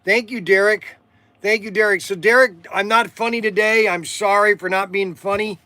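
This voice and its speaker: Bright high-voiced rambling man. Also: fairly even intonation, normal speed, no echo. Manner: rambling storytelling with frequent restarts and fillers. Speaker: livestream host and shop owner. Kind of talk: casual livestream chat.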